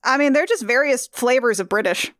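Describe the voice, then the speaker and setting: A woman's voice: high-pitched, brisk, fairly bright tone, dry recording, studio quality. A woman co-hosting a podcast, recapping a film in rambling, flustered casual chat with laughing asides. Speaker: podcast co-host.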